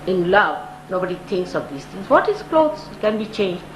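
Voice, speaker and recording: A woman's voice: medium pitch, sing-song, normal speed. Woman giving an echoey devotional talk. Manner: storytelling, rises sharply when stressing points. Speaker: spiritual teacher. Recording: echoey room with audible noise.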